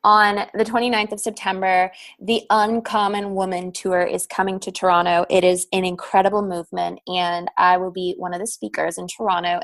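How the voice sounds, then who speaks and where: A young woman guest on a podcast, upbeat and giggly in casual chat. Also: fairly low pitch.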